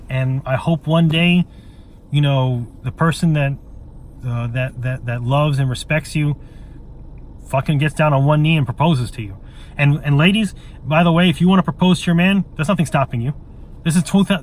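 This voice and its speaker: A man's voice: a little high, moderate pace, pauses often, slight background noise. A man in an emotional monologue straight to camera, earnest and pleading, stumbling and repeating words and swearing bluntly. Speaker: vlogger.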